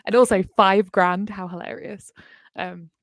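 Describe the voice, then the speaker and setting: A woman's voice: medium pitch, steady tone, unhurried, no room sound, studio quality. A woman hosting a casual reaction livestream, chatty and upbeat with frequent ums and laughs. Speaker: livestream host.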